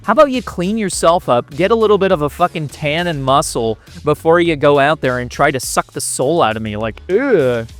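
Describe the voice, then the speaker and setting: A man's voice: fairly high pitch, expressive, brisk, few pauses, faint music behind. A man giving a profane, mocking reaction commentary, laughing between insults. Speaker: commentary youtuber.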